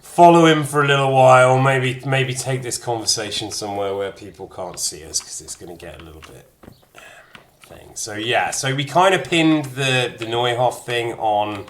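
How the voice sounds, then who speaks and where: A man's voice: medium pitch, normal speed, a little hiss or hum. A man streaming a game and chatting casually, self-mocking and swearing freely. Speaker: streamer and voice actor. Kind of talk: let's-play commentary.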